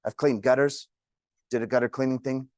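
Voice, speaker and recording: A man's voice: medium pitch, steady tone, brisk, darkish tone, no room sound, clean studio sound. A man teaching a real estate class, telling joking stories to the room. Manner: jokey, storytelling. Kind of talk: classroom talk.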